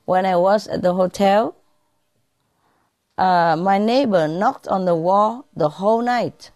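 A woman voicing a puzzled Scottish man, drawling his complaint slowly. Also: medium pitch, darkish tone, close to an everyday voice.

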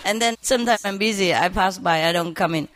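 A woman tells lively stories about her pets in a casual, chatty way. She laughs often and acts out little bits of what the animals say. Her voice sits in an ordinary middle range for a woman. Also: medium pitch, brisk, noisy background. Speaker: bird owner. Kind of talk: casual storytelling.

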